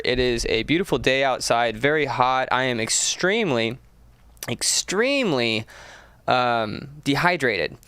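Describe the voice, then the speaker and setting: A male podcast host talks in a loose, rambling comic style, poking fun at himself as he goes. His voice comes through smooth and clear. The studio sound is dry and close, with no room echo. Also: medium pitch, a bit bright. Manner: rambling, joking, self-mocking. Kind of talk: casual comedic chat. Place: small studio. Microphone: studio mic.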